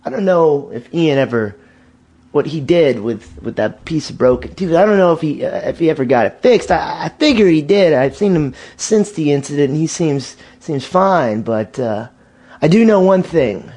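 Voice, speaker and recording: A man's voice: a little high, expressive, moderate pace, a little mellow, husky. A young man telling a casual anecdote, repeating himself and tossing "man" into nearly every sentence. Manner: peppers speech with "man", repeats and restarts phrases. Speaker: storyteller.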